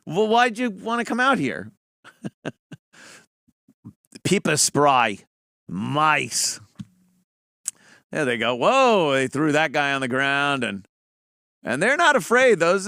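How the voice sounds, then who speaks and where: A man's voice: a little high, pushed and bright, clear, resonant tone, dry recording, studio quality. A middle-aged man hosting a show, giving a blunt, profane, mocking opinion monologue in casual talk. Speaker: podcast host.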